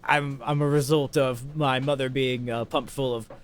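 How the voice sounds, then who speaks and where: A man co-hosting a casual podcast, telling rambling absurd stories in a deadpan way. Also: medium pitch, normal speed. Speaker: podcast co-host. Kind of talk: casual chat.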